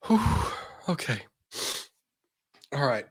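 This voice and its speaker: A man's voice: medium pitch, big pitch swings, slow pace, slightly rough. A male host giving a comedic dramatic reading of a legal document in a mock newscaster tone, breaking off for sarcastic asides.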